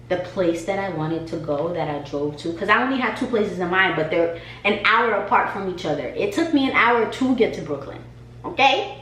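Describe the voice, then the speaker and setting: A woman chatting in a lively storytime voice, her pitch swinging up and down as she acts out the back-and-forth. She records in a roomy space that echoes. A faint hum sits under her voice. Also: moderate pace, recorded from a distance. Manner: animated, acts out conversations. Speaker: hair stylist and vlogger. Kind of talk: casual storytime. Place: home garage studio.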